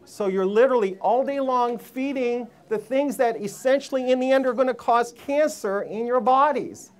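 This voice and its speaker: A man's voice: extremely high pitch, normal speed. A man giving a live seminar talk to a room full of people, emphatic and preachy, firing rhetorical questions at the audience. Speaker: health seminar speaker.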